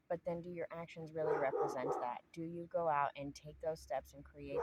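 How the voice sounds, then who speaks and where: A woman's voice: low-pitched, fairly even intonation, normal speed, few pauses, heavy background noise. A woman hosting an astrology talk outdoors, speaking casually and earnestly, rambling with many fillers. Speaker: astrology channel host. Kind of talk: casual spiritual talk to camera.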